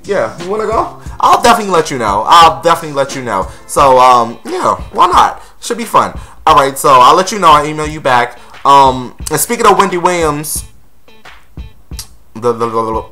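Man, gossip vlog host, sassy, blunt, bright forceful voice, faint music behind. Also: fairly high pitch. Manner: sassy, blunt, gossipy, calls viewers honey and girl.

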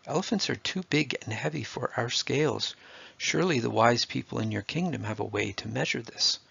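A man's voice: medium pitch, fairly quick, gravelly, pushed and bright, breathy edge, muffled recording, heavily acted. A man voicing a polite, deferential ambassador in a storybook.

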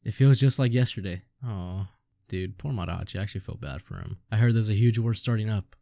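A man reading aloud as a battered young male drifter who boasts and reminisces wistfully, with a dark, dry voice. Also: mid-range voice, fairly even intonation, fast talker, no room sound, close to an everyday voice. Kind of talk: manga read-aloud.

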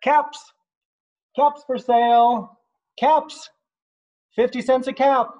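Storybook figure: a grumpy male peddler hawking caps in a raised, strained shout, put on by a man reading aloud. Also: very high-pitched, fairly even intonation, slow, pitched above the performer's own voice. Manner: loud street-hawker calls, shouting at monkeys.

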